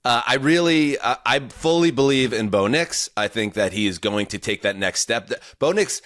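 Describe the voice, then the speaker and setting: A man's voice: mid-range voice, steady tone, normal speed, fairly bright tone, no echo, studio quality. A man hosting a casual sports podcast, rambling and enthusiastic, often restarting his sentences. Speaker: podcast host.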